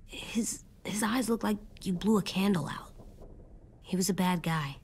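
A woman voicing a troubled, earnest young boy in a video game, speaking in a hushed, halting, childlike way, with game music behind. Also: medium pitch, a little hiss or hum, close to an everyday voice. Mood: hushed worried.

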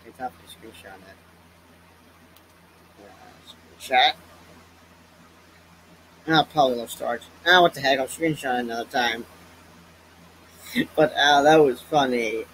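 A man giving casual, excitable reaction commentary, laughing often and thinking aloud. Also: medium pitch, a little slow, pauses often, slight background noise, low-quality recording. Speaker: reaction video host.

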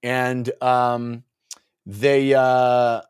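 A man's voice: mid-range voice, little pitch movement, very slow, smooth, dry recording, clean studio sound. A man co-hosting a casual book discussion podcast, rambling and playful, with many fillers. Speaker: podcast co-host.

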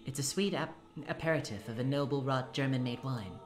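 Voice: medium pitch, brisk, natural voice. A reader voicing a cruel, theatrical adult female witch who taunts and gloats grandly, with music behind. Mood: taunting.

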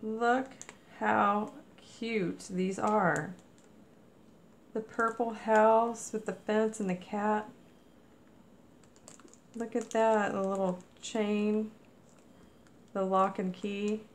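A woman unboxing craft mail, talking at an unhurried, slow pace. She gushes and exclaims over each item in a casual, chatty way. A faint background ambience sits under her voice. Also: medium pitch, steady tone, a little hiss or hum. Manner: gushing, exclaims often. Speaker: crafting vlogger.

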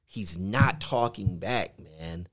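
A man's voice: deep voice, slow pace. A middle-aged man co-hosting a casual faith podcast, telling a personal story and saying "man" in nearly every phrase. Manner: says "man" constantly, animated storytelling. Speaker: podcast co-host, pastor.

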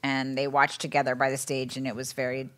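A woman comedian chatting as a guest on a radio show, telling jokes in a wry, deadpan way. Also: a bass voice, brisk. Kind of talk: casual radio chat.

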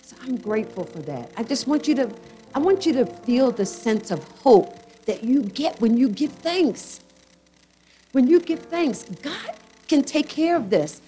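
A woman's voice: high-pitched, big pitch swings, unhurried, warm tone, faint music behind, rough recording. A woman leading a church congregation in prayer, speaking fervently and stretching out key phrases.

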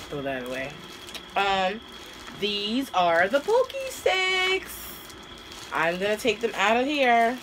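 A woman's voice: mid-range voice, big pitch swings, takes it slowly, long pauses, background noise. A woman vlogger chatting casually and hesitantly as she unboxes and taste-tests snacks, with many fillers. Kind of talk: casual taste-test vlog.

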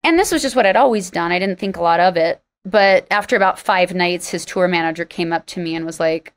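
A woman's voice: lowish voice, a little fast, hardly any pauses. A singer-songwriter woman, a guest in an interview, telling stories animatedly and laughing often. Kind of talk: storytelling interview talk.

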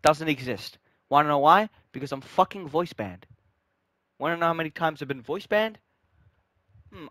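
A man's voice: a little high, lively intonation, normal speed, sharp tone, dry recording. A young man ranting in frustration about a game, swearing often and sinking into weary resignation. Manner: frustrated, swearing, trailing off deflated. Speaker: gaming vlogger. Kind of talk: angry gaming rant.

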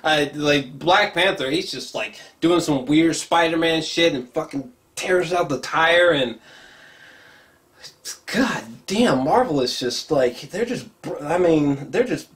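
Hyped-up guy ranting about what he just watched, kinda high voice, cusses a lot, keeps tripping over his words. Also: slow. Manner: excitable, profane, many restarts and fillers; bursts into high excited exclamations. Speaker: YouTube trailer reviewer. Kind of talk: casual reaction commentary.

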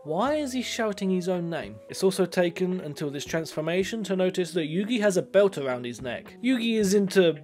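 A man's voice: a little high, darkish tone. Sarcastic guy roasting a show. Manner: sarcastic, exasperated, swears. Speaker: video commentator. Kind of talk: comedic commentary.

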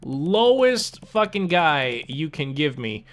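A young man casually commenting on a sports game as he plays, animated, swearing often and repeating himself. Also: a little high, takes it slowly. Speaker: gaming YouTuber.

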